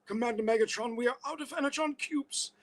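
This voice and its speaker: A man voicing a dispassionate male robot lieutenant who reports facts flatly, in a cartoon style. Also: extremely high pitch, fast, voice pushed up. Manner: flat, factual reporting.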